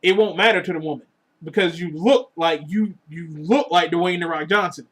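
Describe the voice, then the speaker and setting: A man ranting casually to his viewers about dating, crude and profane, joking as he goes, swinging between loud lines and muttered asides. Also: a little high, moderate pace. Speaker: vlogger. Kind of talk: casual rant to camera.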